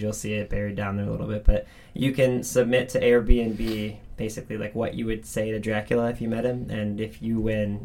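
A podcast co-host chatting casually about books, rambling and animated, often going off on tangents. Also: mid-range voice, a little hiss or hum.

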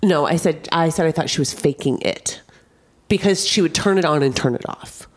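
A woman in her thirties co-hosting a podcast in casual chat, animated and quick to swear. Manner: swearing, animated, jumps up in pitch for emphasis. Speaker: podcast co-host.

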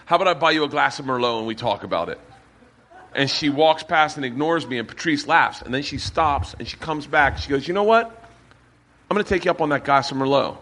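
A man hosting a live podcast, telling swearing, animated stories and acting out the voices of the people in them. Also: medium pitch, quick pace. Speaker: comedian podcast host. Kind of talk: storytelling to a live audience. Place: bar with live audience.

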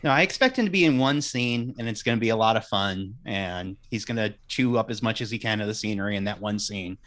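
A man's voice: on the low side, animated, a little fast, a bit bright. A man on a casual film chat panel who jokes in a wry, dry way.

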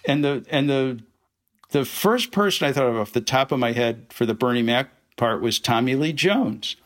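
A man's voice: medium pitch, moderate pace. A man, a film director, telling anecdotes as a guest in a casual interview. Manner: animated anecdotes with acted-out quotes.

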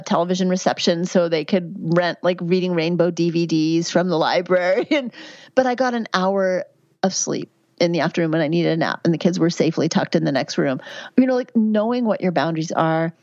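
A woman's voice: on the low side, brisk, darkish tone, no room sound. Chatty woman in her fifties, dry lo-fi audio. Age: 50s. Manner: candid, chatty, frequent fillers. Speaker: guest, physician and midwife. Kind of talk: podcast interview.

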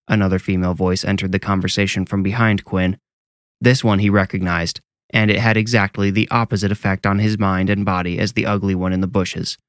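A man narrating a scripted horror story in a measured, deliberate way. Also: deep voice, flat delivery, no echo.

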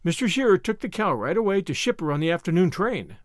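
A man's voice: sits high, very animated, fast, dry recording, studio quality. A man reading aloud and voicing an impulsive teenage girl who talks in earnest, gushing runs. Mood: earnest, apologetic. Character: eager talkative teenage girl, impulsive and apologetic.

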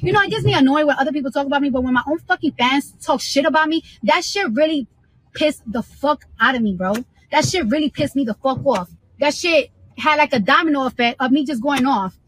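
A young woman in her twenties vents into her phone during a livestream. Her voice sits high and the words tumble out fast. Her rant is heated and profane. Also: a bit bright, poor audio. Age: 20s.

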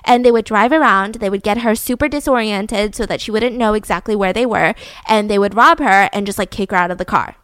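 A woman's voice: mid-range voice, brisk, few pauses, fairly bright tone, smooth, no room sound. Chatty young woman telling a crime story. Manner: chatty, heavy use of "like". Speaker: podcast host. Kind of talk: casual true-crime storytelling.

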